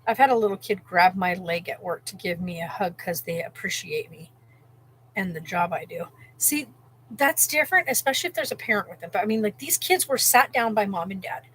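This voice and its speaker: A woman telling a story in a loose, chatty vlog, piling on "like" and restarting her sentences. Her voice sits at an ordinary middle pitch, and a faint hum runs underneath while she cooks at home. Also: fairly quick, poor audio. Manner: rambling and animated, lots of "like" and restarts. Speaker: vlogger. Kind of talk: casual storytelling.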